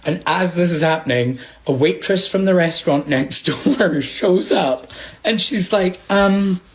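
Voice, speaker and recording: A man's voice: high voice, unhurried. Laughing man telling a wild story. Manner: animated, laughs through the story, acts out voices. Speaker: storyteller recounting a work incident. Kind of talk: casual storytelling.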